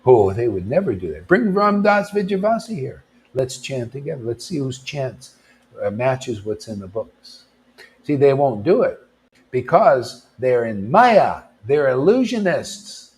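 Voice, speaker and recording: A man's voice: medium pitch, very animated, a little slow, darkish tone. A man preaching informally to a devotional gathering, blunt and confrontational, throwing out rhetorical questions and calling his listeners "man". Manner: rhetorical questions, mocking asides.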